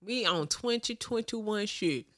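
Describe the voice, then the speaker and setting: Bright-voiced Southern woman podcast host. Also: medium pitch, unhurried. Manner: animated, laughs often, drawling country twang. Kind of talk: casual chat.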